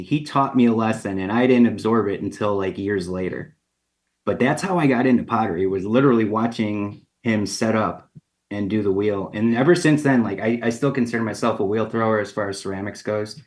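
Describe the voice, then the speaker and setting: A man with a somewhat low voice tells his story as an interview guest on the radio. He talks casually, leans on fillers like "you know" and "like," and acts out the lines of the people in it with lively shifts. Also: brisk. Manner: casual and animated, acts out quoted dialogue, many fillers. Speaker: ceramic artist guest.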